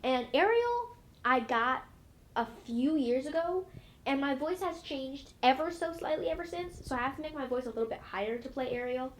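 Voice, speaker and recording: Young actress gushing in an interview, kinda high voice, lots of ums. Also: female voice, normal speed. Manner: chatty, bubbly, many fillers and restarts. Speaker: actress guest. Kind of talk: casual interview.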